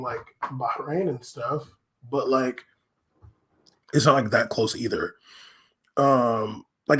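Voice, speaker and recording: A man in his own solo podcast riffs in loose, slang-heavy casual talk. He rambles through fillers and restarts and breaks into laughter often. His voice sits at a middling pitch for a man. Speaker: podcast host.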